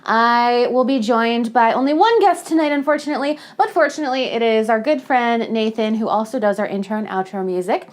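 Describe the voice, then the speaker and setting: A woman's voice: fairly high pitch, a little fast, hardly any pauses. A woman from the hosting a casual book club podcast, chatty and giggly with lots of fillers. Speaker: podcast host.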